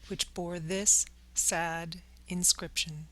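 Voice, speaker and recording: A woman narrating a classic children's audiobook at a very slow, deliberate pace. Her voice sits at a middling pitch and keeps to a careful reading manner. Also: a bit bright, low-quality recording. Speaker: audiobook reader.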